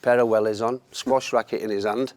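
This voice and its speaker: A man in his fifties from Barnsley with a Yorkshire accent, a former goalkeeper telling animated anecdotes in an interview. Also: fairly low pitch, a little fast. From Barnsley, England. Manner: animated storyteller, chuckling often.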